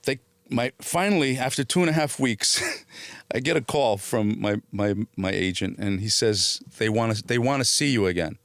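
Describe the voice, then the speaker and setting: A man's voice: medium pitch, normal speed, no room sound. Middle-aged guy telling a story on a podcast, swears a lot, does the other voices, dry close mic. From born in Italy, raised in New Jersey. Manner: animated, acts out quoted voices, swears freely. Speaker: actor guest. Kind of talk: casual storytelling interview.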